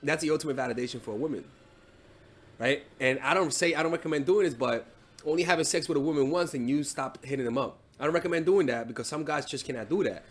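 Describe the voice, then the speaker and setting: A man's voice: on the high side, quick pace. A man giving dating advice as a coach in a casual monologue, blunt and profane, with frequent restarts and "right?" tags.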